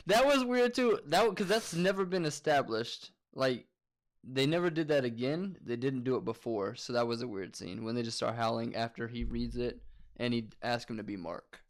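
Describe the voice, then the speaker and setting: Young guy, easygoing, mid-pitch, chatting about a movie with his brother and laughing. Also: normal speed. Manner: relaxed, amused, quotes lines in silly voices. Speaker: co-host. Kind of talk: casual movie review chat.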